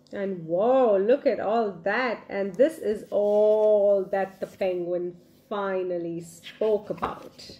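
A woman reading a picture book aloud to children, expressive and full of questions for her young listeners. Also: mid-range voice. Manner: expressive, asks the children questions, gasps in surprise. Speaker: storyteller for children.

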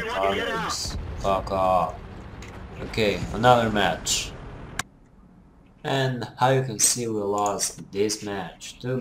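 A man's voice: on the low side, echoey room, background noise. A young man giving rambling, teasing gameplay commentary with non-native phrasing. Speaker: gamer.

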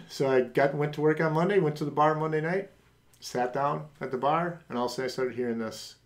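A middle-aged man hosting a podcast, telling a personal faith testimony and acting out the voices of people in it. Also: brisk. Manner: animated, acts out quoted voices with big pitch jumps. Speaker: podcast host.

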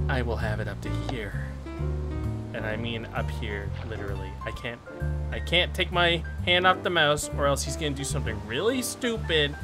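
A young man commenting on his gameplay, exasperated and raging, shouting "dude" and swinging between muttering and yelling. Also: medium pitch, normal speed, loud music behind the voice. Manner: exasperated, keeps saying "dude", shouting in rage. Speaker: gaming YouTuber.

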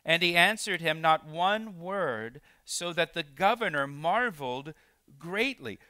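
A man's voice: on the high side, expressive, unhurried, pushed and bright, dry recording. A man preaching a verse-by-verse sermon as pastor, sometimes acting out quoted lines and repeating words as he restarts. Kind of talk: expository sermon. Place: church sanctuary.

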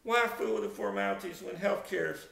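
A man's voice: sits high, very animated, moderate pace, vocal fry, fairly bright tone, slight background noise. A middle-aged man telling a comic travel mishap, dramatic and exaggerated, acting out sound effects. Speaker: storyteller, video narrator. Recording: roomy echo.

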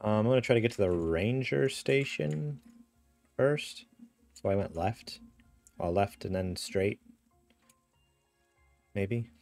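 A man's voice: fairly low pitch, expressive, slow, creaky, long pauses, darkish tone, faint music behind. A young man from upstate New York, chatting casually as he streams a game and reads signs aloud. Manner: chatty, narrates what he reads and does. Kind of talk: casual gameplay chat.

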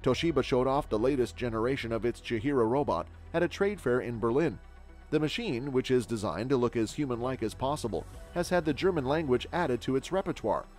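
Man narrating tech news in a steady read. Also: medium pitch, brisk, faint music behind.

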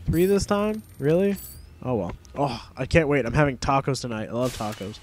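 A man's voice: mid-range voice, lively intonation, normal speed, a little hiss or hum. Young man rambling over gameplay. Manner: rambling, swears casually, easily annoyed. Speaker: gameplay commentator. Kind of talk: casual let's-play commentary.

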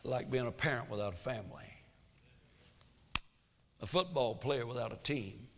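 A man preaching a sermon in a church, swinging between loud exhortation and quiet asides. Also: medium pitch, normal speed, long reverb tail, noisy background. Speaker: pastor. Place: church sanctuary.

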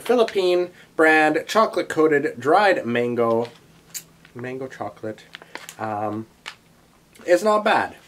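A man's voice: fairly high pitch, fairly bright tone, slight background noise. A young man vlogging a taste test, talking in a rambling, chatty way with many asides. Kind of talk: casual chat to camera.

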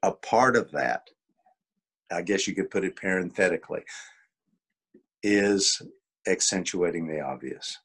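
A man's voice: deep voice, a little slow, long pauses, a bit bright, breathy edge. An older man leading a coaching webinar, explaining in a folksy way with acted-out examples over a video call. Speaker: coach and workshop leader. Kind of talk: teaching a webinar.

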